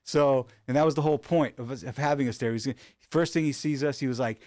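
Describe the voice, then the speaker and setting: A man telling stories in a casual, animated way, with many fillers and restarts, recorded in a studio. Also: mid-range voice, fast talker, dry recording. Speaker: rug artist guest. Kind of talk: casual storytelling.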